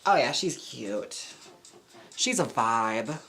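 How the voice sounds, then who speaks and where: A man streaming live as a drag performer and wig stylist, trying on wigs and chatting in a campy way with quick laughing asides. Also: medium pitch, expressive, gravelly, fairly bright tone, faint music behind. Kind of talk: casual live-stream chat.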